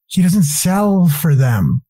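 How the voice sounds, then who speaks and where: A man talks as a podcast guest in loose, rambling, profanity-laced stories, laughing as he goes. His voice is dark and mellow. The sound is dry and close, with little room in it. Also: on the high side, husky, no echo. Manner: excitable, quick to laugh. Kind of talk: casual chat.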